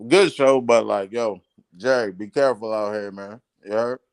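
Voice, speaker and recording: A man's voice: fairly low pitch, moderate pace, clean tone, dry recording. A man on a panel, laid-back and teasing in casual banter.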